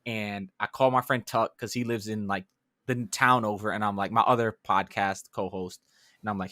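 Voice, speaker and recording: A young man from the New York City area, a podcast co-host, telling a story in casual chat, animated and swearing as he acts out his own reactions. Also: fairly low pitch, fairly quick, no room sound, studio quality.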